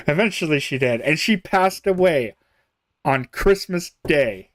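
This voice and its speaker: A man's voice: on the high side, animated, slow pace, dry recording, studio quality. A young man chatting casually on a game live stream, rambling, chuckling often and trailing off mid-thought. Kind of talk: casual live-stream chat while playing.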